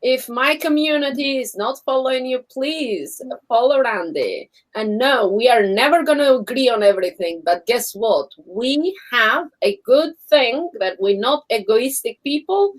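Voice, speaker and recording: Woman, live stream co-host, casual chat, animated storyteller, higher voice. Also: measured pace, few pauses, poor audio. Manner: animated storyteller who acts out other people's voices; laughs often.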